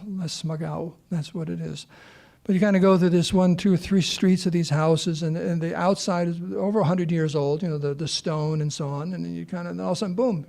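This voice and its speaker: A man's voice: fairly high pitch, gravelly, warm tone. A man giving an informal scripture class, chatty and rambling as he tells stories and takes questions.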